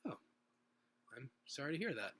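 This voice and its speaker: Kindly middle-aged mom, welcoming and gentle, lifted pitch, read by a man. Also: big pitch swings, normal speed, slightly rough, full character voice.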